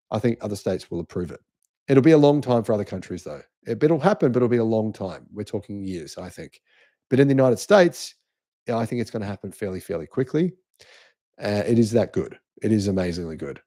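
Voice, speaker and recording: A man's voice: lowish voice, a little fast, mellow. A middle-aged Australian man hosting a live-stream, speaking emphatically and insistently while he answers chat comments, often restarting his sentences. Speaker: channel host.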